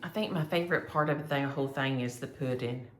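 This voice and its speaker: A woman's voice: a bass voice, a little fast, reverberant, slight background noise. A woman chatting casually and rambling as she shows her cross-stitch projects to viewers. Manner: chatty, rambling, thinks aloud. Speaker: flosstube host.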